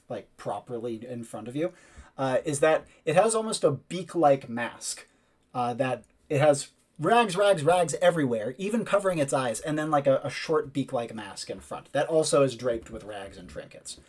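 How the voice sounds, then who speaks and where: A man serves as game master, narrating a scene in a casual way full of fillers. His voice sits in a middle pitch. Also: a little mellow. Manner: loose, filler-heavy description.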